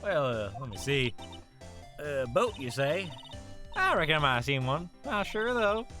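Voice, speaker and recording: A loud, chatty Southern country girl, put on by a man reading game lines, drawling in a bright, forceful voice. She swings up and down lively as she talks, folksy and brash. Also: on the high side, unhurried, soft background music, exaggerated voice. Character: boisterous young Southern woman photographer. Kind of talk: video game dialogue read aloud.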